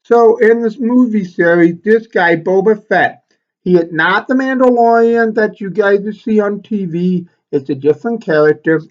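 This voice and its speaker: A male elementary school teacher reading a picture book aloud to children, expressive and stopping to explain the pictures. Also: high voice, normal speed, highs cut off.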